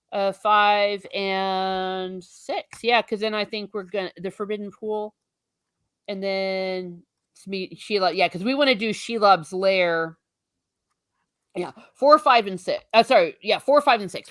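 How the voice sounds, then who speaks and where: A woman's voice: medium pitch, no echo. A woman from Ireland hosting a casual book discussion stream, chatting in a rambling way and reading out viewer comments. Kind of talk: casual livestream chat.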